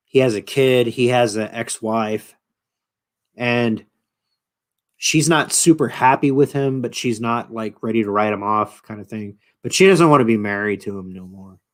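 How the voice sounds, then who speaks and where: A man hosting his own channel, casually retelling a show in a rambling, profane way with lots of fillers. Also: medium pitch. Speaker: channel host.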